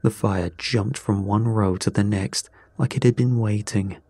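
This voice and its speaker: A man narrates a first-person story in an unhurried, measured delivery. His voice is low-pitched and husky. The sound is close and dry. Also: steady tone, warm tone, dry recording. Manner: slow, measured.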